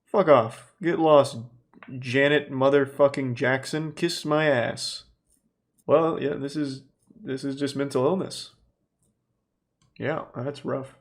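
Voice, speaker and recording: A man in his thirties hosting a casual reaction commentary, telling stories in a profane, animated way. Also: medium pitch, slow. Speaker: host reacting to videos.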